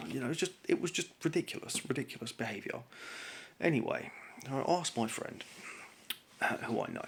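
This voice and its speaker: A man's voice: medium pitch, expressive, moderate pace, a little hiss or hum. A man telling a long, exasperated story to camera in a rambling, casual way, full of fillers. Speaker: vlogger telling a grievance story.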